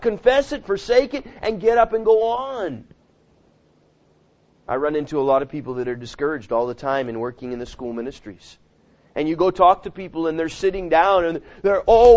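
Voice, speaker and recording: A man with a high voice preaches a sermon, jumping from loud outbursts to near-murmurs. He acts out the voices of the people he quotes. The recording sounds dull and lo-fi. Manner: preaching with sudden loud rises and quiet drops. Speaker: pastor.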